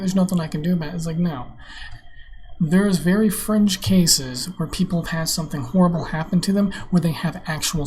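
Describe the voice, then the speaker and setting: A man's voice: high voice, mellow, a little hiss or hum. Blunt, swearing young man ranting. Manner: blunt, profane, preachy ranting. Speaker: vlog host. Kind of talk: casual solo rant to camera. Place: home computer desk. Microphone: webcam on a monitor.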